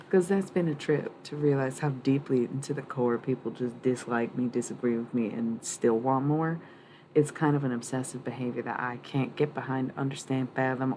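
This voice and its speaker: A woman's voice: extremely low pitch, mellow, a little hiss or hum. A woman reading tarot cards on a livestream, rambling and blunt, swearing freely and laughing often.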